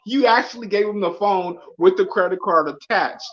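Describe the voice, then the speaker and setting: Animated man with a higher voice, lo-fi sound. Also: moderate pace, over a noisy crowd. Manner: animated, bursts into exclaimed retellings. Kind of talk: casual chat.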